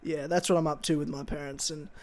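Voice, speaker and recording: High voiced dude rambling on a podcast, swears a lot. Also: male voice, flat delivery, fast, a little mellow. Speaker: podcast co-host. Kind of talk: casual podcast chat.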